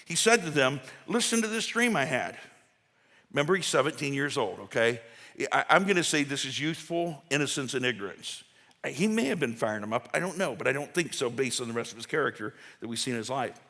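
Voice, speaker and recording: A man's voice: medium pitch, lively intonation, quick pace, pushed and bright. A man preaching a conversational sermon as pastor, folksy and full of asides and restarts. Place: church sanctuary. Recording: long church hall reverb.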